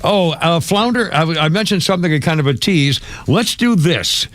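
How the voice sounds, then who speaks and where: A man's voice: fairly high pitch, animated, moderate pace, fairly bright tone, dry recording. A man hosting a morning radio show, talking in a rambling way with restarts and asides. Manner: rambling, restarts and trails off, chuckles. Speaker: radio host. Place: radio studio.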